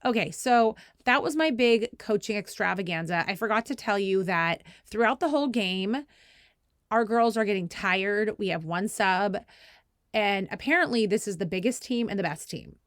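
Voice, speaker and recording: A woman's voice: moderate pace, no room sound, studio quality. A woman in her thirties hosting a podcast, telling a story casually with lots of "like" and playful quoted voices. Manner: animated, acts out quotes in a higher voice, laughs often; heavy use of "like" fillers. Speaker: podcast host.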